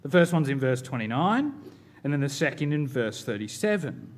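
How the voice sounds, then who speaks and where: A man in his thirties, a pastor, preaching a sermon in a measured, emphatic way with rhetorical questions. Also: medium pitch, sing-song.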